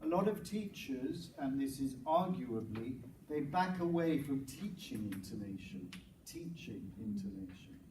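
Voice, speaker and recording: A man's voice: mid-range voice, big pitch swings, measured pace. A man presenting a teacher-training workshop, explaining ideas with many restarts and fillers, in a crowded room. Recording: echoey room, distant mic, noisy.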